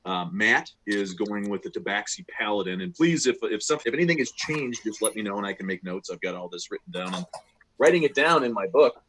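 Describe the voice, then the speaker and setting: Low-voiced hesitant man running a game. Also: animated, fairly quick, fairly bright tone, a little hiss or hum. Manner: hesitant, many ums and restarts. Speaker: game master. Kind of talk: casual online game session.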